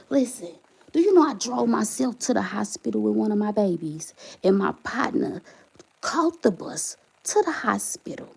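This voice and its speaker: A woman on a live stream vents with passion, her high voice leaping up and down as she hammers one rhetorical question after another. Between outbursts she reads viewer comments aloud. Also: vocal fry, bright, forceful tone. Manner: impassioned, repeated rhetorical questions. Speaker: channel host, single mother. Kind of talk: emotional livestream venting.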